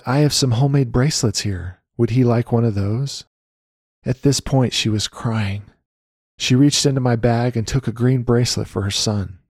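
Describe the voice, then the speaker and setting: A man reading a personal faith testimony aloud in an earnest, measured way, citing scripture references. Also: mid-range voice, a little mellow, husky, dry recording, clean studio sound. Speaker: Christian storyteller. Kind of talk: read devotional testimony.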